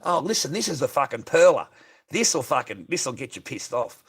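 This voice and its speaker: A man's voice: medium pitch, big pitch swings, normal speed, fairly bright tone, breathy edge. A man on a livestream, ranting profanely and asking "right?" again and again. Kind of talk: unscripted livestream rant.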